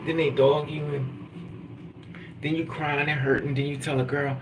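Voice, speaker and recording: A man's voice: a little high, normal speed, pauses often. A man talking casually in a rambling, profane monologue, telling stories and venting about love. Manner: rambling, profane, animated storytelling. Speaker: vlogger. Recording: distant mic with loud background noise.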